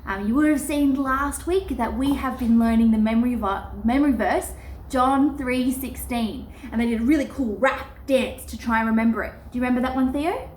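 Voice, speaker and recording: A woman's voice: fairly high pitch, normal speed, darkish tone, roomy sound, slight background noise. An Australian woman presenting a children's church lesson from her home garage, playful and speaking to kids.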